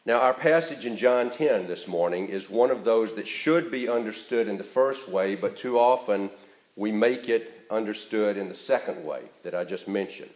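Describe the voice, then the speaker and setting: A pastor delivering a Sunday sermon in a fairly low male voice, earnest and measured. He leans on key words to drive the point home. The sound carries the roomy echo of a church sanctuary. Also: a little mellow.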